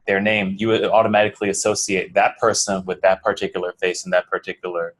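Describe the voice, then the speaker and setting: A man's voice: sits low, little pitch movement, quick pace. A man from New Jersey with an American accent, teaching a coding class in a casual, rambling way, full of fillers and restarts, questions to the students. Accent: American English. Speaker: coding bootcamp instructor. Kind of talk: classroom lecture.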